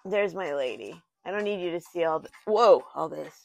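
A woman's voice: on the low side, lively intonation, normal speed, creaky, soft background music. A woman hosting an unboxing vlog, thinking aloud and easily moved as she goes through the items. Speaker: channel host. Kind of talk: unboxing vlog, talking to herself.

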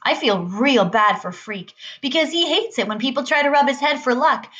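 A woman's voice: sits high, lively intonation, normal speed, fairly bright tone. A woman reading a novel aloud in a casual, conversational first-person narration. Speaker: reader.

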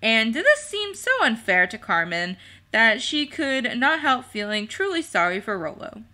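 A woman narrating a storybook chapter in a measured, expressive way. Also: a little high. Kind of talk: storybook reading with character voices.

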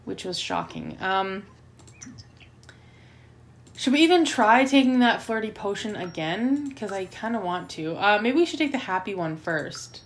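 A woman's voice: medium pitch, lively intonation, measured pace, slight background noise. A woman hosting a let's play, giving chatty gameplay commentary and getting easily flustered and melodramatic.

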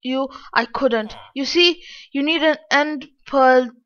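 A woman's voice: sits high, slow pace, fairly bright tone. Woman reading as an old wizard guide. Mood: explaining. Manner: helpful, explaining. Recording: dull lo-fi.

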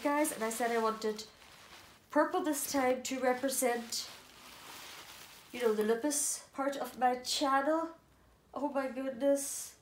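A woman's voice: sits high, a little hiss or hum. A middle-aged woman with an Irish accent, chatting casually while unboxing dolls, gasping and gushing with delight. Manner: gushing, gasping, exclaiming "oh my goodness". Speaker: doll collector vlogger.

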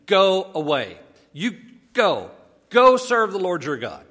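A man's voice: high-pitched, very animated, takes it slowly, fairly bright tone, voice pushed up, full character voice. A man putting on Pharaoh, a grudging warning king. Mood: dismissive. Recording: long echoey reverb.

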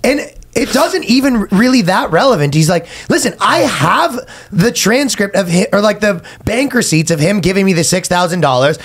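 A man's voice: moderate pace, few pauses, breathy edge. A man co-hosting a comedy podcast, telling a story in casual chat and acting out the quotes in raised voices. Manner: animated storytelling, acts out quotes in high voices. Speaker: podcast co-host.

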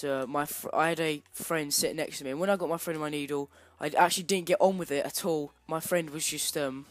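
A man's voice: fairly high pitch, no room sound. A man telling a casual, self-deprecating story while commentating over gameplay, with lots of fillers. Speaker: gaming channel commentator.

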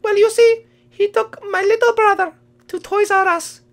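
A melodramatic young black cat boy with a vengeful streak, played by a woman. The voice sits extremely high and bursts into shrieks before dropping to low mutters of revenge, in a playful game role-play. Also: steady tone, moderate pace. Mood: aggrieved.

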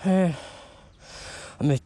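Out in the woods, a bushcraft vlogger chats casually in a slow, mellow voice. He talks to his dog and swears now and then.

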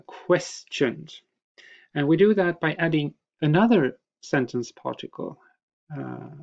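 A man lectures on grammar at an unhurried, careful pace, pausing often on fillers as he explains. His voice has a gravelly, creaky texture. The recording sounds dull and lo-fi, like a voice-over laid under slides. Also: medium pitch, darkish tone. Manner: slow, hesitant, many uh and um fillers. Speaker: language teacher.

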